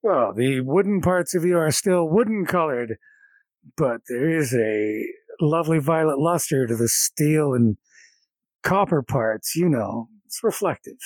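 A man's voice: fairly high pitch, expressive, a little slow, darkish tone, no room sound. Casual man narrating as game master. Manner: casual, rambling, jokey narration with restarts.

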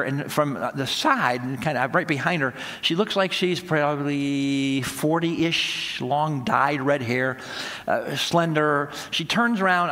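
A man's voice: on the high side, a bit bright. A man preaching, telling a folksy story and acting out the dialogue. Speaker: pastor. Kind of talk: sermon storytelling. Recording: long hall reverb.

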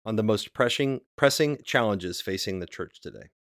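A man's voice: fairly low pitch, lively intonation, moderate pace, a bit bright, no room sound, clean studio sound. A man co-hosting a church podcast, talking casually and hedging with many fillers and restarts. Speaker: podcast co-host. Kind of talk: casual discussion.

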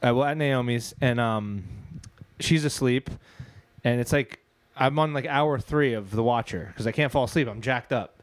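A young man chatting casually as a podcast co-host, telling an animated story and laughing often. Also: mid-range voice, moderate pace, dry recording. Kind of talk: casual chat.

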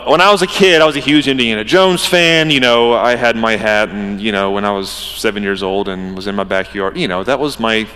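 A man's voice: fairly low pitch, pushed and bright, clear, resonant tone. A man in his thirties preaching a sermon as a pastor, in a casual conversational manner that acts out imagined dialogue. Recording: reverberant hall.

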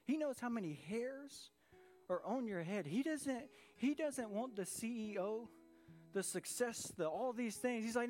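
Pastor, male, higher voice, emphatic sermon delivery with repetition, live church service. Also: animated, unhurried, a little mellow, faint music behind. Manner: earnest, emphatic preaching with repeated phrases.

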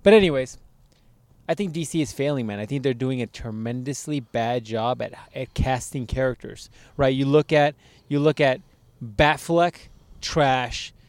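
A man's voice: mid-range voice, moderate pace, no echo. A young man in casual, profane chat, blunt and dismissive, trashing casting choices. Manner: blunt, dismissive, swears freely.

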